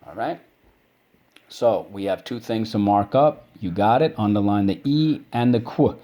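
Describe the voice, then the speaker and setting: A man's voice: on the low side, animated, warm tone. A man teaching a vocabulary and spelling lesson. He breaks words into syllables and checks in with "okay?" after each point. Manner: drawn-out syllable drills.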